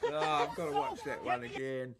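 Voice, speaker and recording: A man's voice: medium pitch, normal speed, very noisy. A man hosting, casually reading out and chuckling over social media posts. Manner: chuckling, relaxed, amused. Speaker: host.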